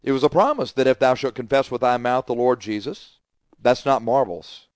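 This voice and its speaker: A man's voice: mid-range voice, normal speed, clear, resonant tone, no room sound. Emphatic male preacher, dry sound. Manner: emphatic, repetitive, swings from loud to quiet. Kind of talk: sermon.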